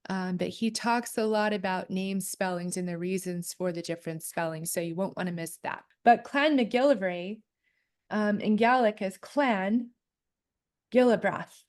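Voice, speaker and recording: A woman's voice: medium pitch, normal speed, darkish tone. Chatty woman co-host. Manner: chatty, reads aloud from a booklet. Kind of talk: casual chat on clan history.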